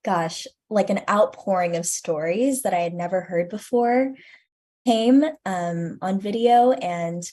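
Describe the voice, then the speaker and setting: A woman in her twenties answering interview questions earnestly and reflectively, with frequent ums, her sentences trailing off softly. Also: mid-range voice, a little slow. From United States. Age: 20s. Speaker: guest, student curator.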